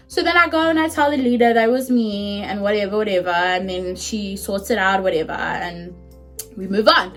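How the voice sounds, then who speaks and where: A young woman in her twenties with a South African accent, telling a story in a chatty, animated, casual way and swearing freely. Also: medium pitch, moderate pace, faint music behind. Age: 20s. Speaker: vlogger.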